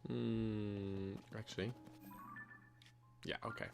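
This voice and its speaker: Guy streaming a game, lowish voice, rambles goofy stories, restarts a lot, bit of game music behind. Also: little pitch movement, slow pace, gravelly, darkish tone. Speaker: gaming streamer. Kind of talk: casual gameplay commentary.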